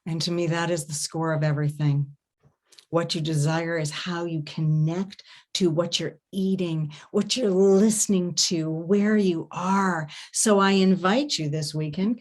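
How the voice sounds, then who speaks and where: Woman coach giving an online talk, lowish voice, hums and acts out sounds. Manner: expressive, demonstrates sounds and hums. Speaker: intimacy coach. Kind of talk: festival talk. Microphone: online video talk.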